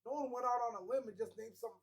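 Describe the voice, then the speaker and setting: A man's voice: very high voice, quick pace. A man co-hosting a casual hip hop podcast, reading viewer comments aloud and joking along with the debate. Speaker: podcast co-host and comment reader.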